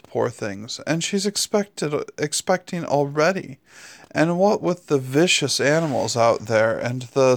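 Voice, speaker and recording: A man's voice: on the high side, creaky, heavily acted. A man voicing a fussy, anxious male angel who talks in a worried, apologetic way.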